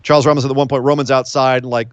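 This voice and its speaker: A man co-hosting a casual talk show, recapping events in an animated storytelling way. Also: medium pitch, very fast, clean tone, no room sound, muffled recording. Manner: animated storytelling, acts out quotes. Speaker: podcast co-host. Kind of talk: casual wrestling recap chat.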